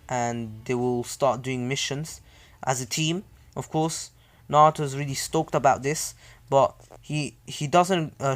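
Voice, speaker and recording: Brief: man narrating fan fiction off the cuff, mid-range voice, faint music behind. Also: mid-range voice. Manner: rambling, many "uh"s and asides. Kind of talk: casual story retelling.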